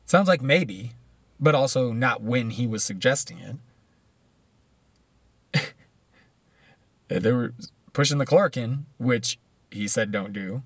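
A man's voice: mid-range voice, slow, pauses often, slightly rough, no echo. A man giving blunt, profane, rambling commentary, often restarting his sentences.

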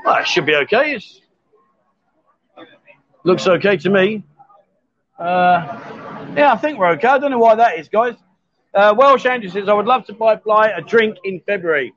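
A man's voice: sits high, lively intonation, normal speed, pauses often, a bit bright, no room sound, highs cut off. A man hosting a live stream from a bar, joking and teasing his guests in casual banter. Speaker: host.

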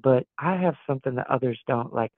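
A man's voice: mid-range voice, a little fast, no echo. A man from Wisconsin, a guest pastor in a podcast interview, talking earnestly and reflectively, often restarting his sentences as he thinks aloud. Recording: tinny phone-like dry sound.

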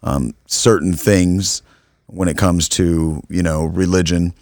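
A man's voice: sits low, steady tone, slow pace, darkish tone, no room sound, studio quality. A young adult American man co-hosting a podcast, talking frankly and casually, swearing now and then. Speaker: podcast co-host. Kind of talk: casual chat.

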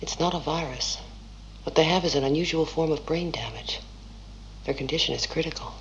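A woman playing a composed, serious base doctor who speaks quietly and clinically, on a dull TV soundtrack with faint hiss. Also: deep voice, steady tone, fairly quick. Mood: grave. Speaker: actor in a TV drama clip.

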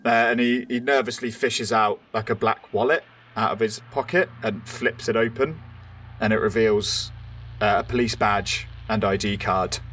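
A man's voice: fairly low pitch, moderate pace, a little hiss or hum. Man running a tabletop game. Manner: relaxed, chatty, often laughing. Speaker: game master.

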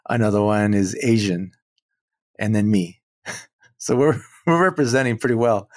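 A man, a muralist guest on an interview show, telling a story in an animated way and acting out the quoted dialogue. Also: lowish voice, no room sound, clean studio sound. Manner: animated, acts out quoted dialogue, chuckles between points.

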